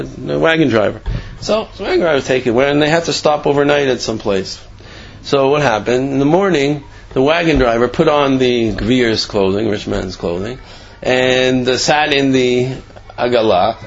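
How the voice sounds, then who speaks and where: Gravelly-voiced man telling a Torah story. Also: mid-range voice, dull audio, slight background noise. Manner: conversational, acts out voices in the story with laughs. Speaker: Torah teacher. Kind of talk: Torah class with a told story.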